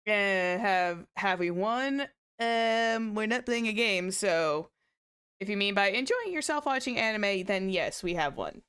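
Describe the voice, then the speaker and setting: Unhurried smooth-voiced woman streamer. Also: expressive, fairly bright tone. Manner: giggly, squealing reactions breaking into high laughter. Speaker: VTuber host of an anime watchalong. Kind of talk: casual stream chat reacting to anime.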